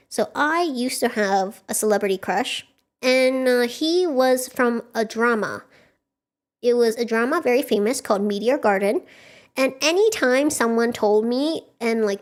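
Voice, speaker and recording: A young woman with a bright, high voice talks through a novel for her stream. She chats casually, laughs often and slips into the characters' lines as she recaps. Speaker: book club streamer. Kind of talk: casual book recap and chat.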